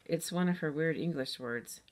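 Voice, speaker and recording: A cheerful, playful young girl from a children's storybook, voiced lightly by a woman reading aloud. She speaks eagerly and likes to joke, in a slightly low voice. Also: moderate pace.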